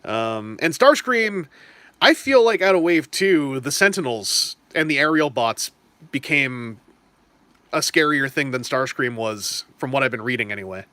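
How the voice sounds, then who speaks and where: A man's voice: mid-range voice, animated, a little slow, pushed and bright, no echo. A man hosting a casual live stream, chatting in a rambling way while answering viewer questions. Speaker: stream host. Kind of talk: casual live-stream chat about toys and trading cards.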